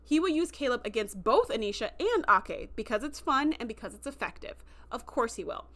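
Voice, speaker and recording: Brief: chatty woman host, high and bright, casual recap, speaks in quoted lines. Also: sing-song, a little fast. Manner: chatty, lots of fillers and quoted dialogue. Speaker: show host.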